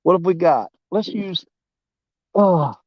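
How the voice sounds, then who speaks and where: A high-voiced man with a drawl talks to his viewers from a muddy river bank, excitable and quick to get emotional. The sound is dull and muffled, recorded dry outdoors on a covered camera mic. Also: no echo. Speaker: fishing vlogger. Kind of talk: casual outdoor vlog. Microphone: camera mic muffled against the wind.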